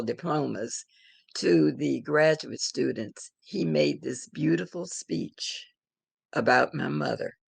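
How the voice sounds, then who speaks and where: An older woman telling a personal story in an interview, in a measured, reflective way. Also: extremely low pitch, vocal fry, breathy edge, no room sound. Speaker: interviewed elder.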